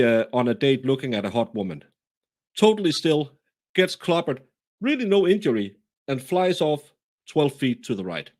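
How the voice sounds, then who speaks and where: A man with a Danish accent, talking through a case in a casual, animated, self-deprecating way, often restarting his sentences. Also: fairly high pitch. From Denmark. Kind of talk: casual true-crime discussion.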